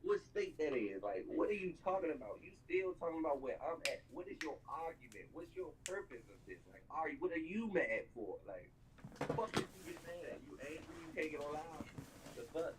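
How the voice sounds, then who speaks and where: A young man tears into someone in a fast, heated rant, peppering everything with "bro." His voice sits a bit high and keeps climbing into near-shouts. A faint hiss runs underneath. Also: big pitch swings. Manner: heated, mocking, repeats "bro" constantly; rises into near-shouted outbursts. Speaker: streamer reacting to a video. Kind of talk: ranting live commentary.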